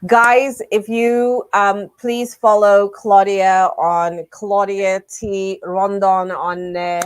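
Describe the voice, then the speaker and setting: A woman hosts her podcast from a video call, gushing and warm in her praise. Her sentences tumble out with frequent restarts and bursts of enthusiasm. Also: mid-range voice, flat delivery, very slow, clean tone. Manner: effusive, gushing, restarts a lot. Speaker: podcast host. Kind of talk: casual chat.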